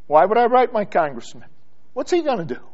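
A man preaching a sermon in a church, building from quiet, drawn-out phrases to loud, emphatic repetition. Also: high-pitched, wildly swooping pitch, muffled recording.

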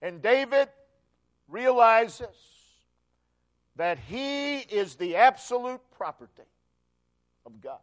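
Slow, high-voiced preacher man. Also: big pitch swings. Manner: slow, emphatic, repeating phrases, swelling to loud peaks. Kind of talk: sermon.

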